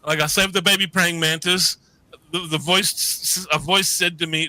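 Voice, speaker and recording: A man's voice: high-pitched, steady tone, moderate pace, pushed and bright, rough recording. A middle-aged man telling a story as a guest over a video call, rambling, swearing freely and restarting his sentences. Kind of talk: casual storytelling.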